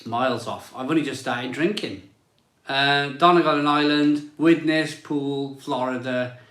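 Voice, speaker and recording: A man's voice: mid-range voice, unhurried, fairly bright tone, reverberant. A man hosting a casual beer live stream, chatting and greeting viewers as he reads their comments aloud.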